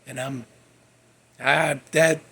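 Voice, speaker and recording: A man's voice: medium pitch, steady tone, drawn-out words, gravelly, sharp tone, slightly rough. A man, ranting bluntly in a folksy way as a podcast host. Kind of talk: casual monologue.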